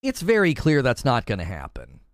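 A man's voice: medium pitch, huge pitch swings, moderate pace, no room sound, soft background music. A man hosting a casual gaming livestream, reading viewers' chat comments aloud and laughing often. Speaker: gaming channel host reading live chat.

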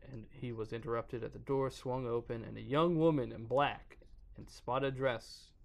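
A man's voice: mid-range voice, creaky. A man hosting a podcast, casually reading a horror story aloud and stumbling over words now and then. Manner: reads aloud, stumbles, breaks off to joke. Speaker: podcast host.

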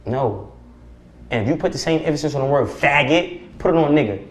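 A man speaking as a podcast guest, preaching forcefully with profanity and rhetorical questions. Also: on the high side, expressive, a little fast. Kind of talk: impassioned podcast conversation. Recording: roomy echo.

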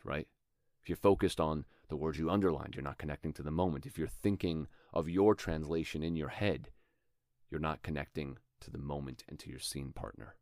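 A man's voice: very deep voice, darkish tone, dry recording, studio quality. A young adult man hosting a show and explaining acting craft in an earnest, instructional way, tapping out rhythms as examples. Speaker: acting teacher and podcast host. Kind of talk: instructional talk.

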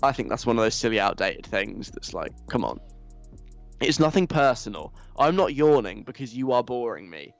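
A man's voice: medium pitch, very animated, moderate pace, gravelly, soft background music. A young man, reading out listener messages and answering them in a teasing, mock-stern, casual way. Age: young adult. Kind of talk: casual chat.

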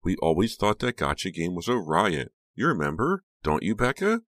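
A man's voice: low-pitched, very animated, normal speed, fairly bright tone, no echo, studio quality, pitched above the performer's own voice, full character voice. A man voicing a clingy, pouty teenage girl with a creepy streak in an audiobook reading. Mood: teasing.

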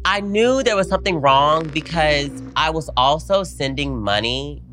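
A man co-hosting a podcast, telling a story in casual chat and acting out the people in it. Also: normal speed. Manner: animated, acts out quotes with big pitch jumps. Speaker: podcast co-host.

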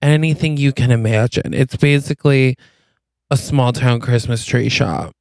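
A man's voice: medium pitch, normal speed, darkish tone, no room sound, clean studio sound. A man co-hosting a podcast, animatedly telling a made-up movie plot and acting out the characters' lines. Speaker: podcast co-host. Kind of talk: casual chat, pitching a made-up holiday movie plot.

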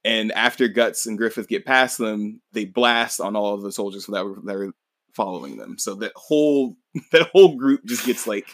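A man's voice: lowish voice, moderate pace, dry recording. A man hosting a podcast, casually recapping a manga in a rambling, laid-back way, swearing and laughing along. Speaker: podcast host.

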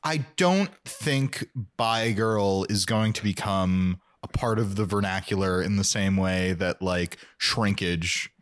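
A man co-hosting a podcast, recapping a TV episode in casual chat and cracking dry, quick jokes. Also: low-pitched. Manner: dry, joking, riffs with quick asides. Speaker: podcast co-host.

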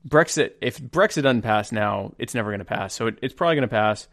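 A man's voice: mid-range voice, animated, fast, vocal fry, a bit bright, no room sound, clean studio sound. A man co-hosting a casual political chat show, rambling and chuckling as he talks. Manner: rambling, chuckling, restarts often. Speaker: co-host.

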